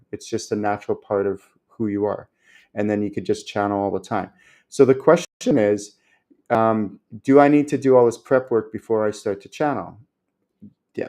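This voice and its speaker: Chatty male spiritual teacher. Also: on the low side. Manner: animated, chatty, many fillers. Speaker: spiritual teacher and show host. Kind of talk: casual Q&A talk.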